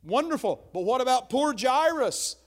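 A man's voice: very high voice, expressive, normal speed. A pastor preaching a sermon in an emphatic, conversational way, often checking in with his listeners.

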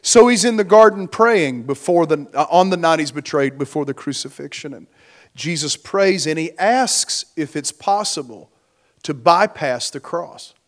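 A man preaching a sermon as pastor, slow and emphatic, his force rising and falling. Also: on the high side, expressive. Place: church.

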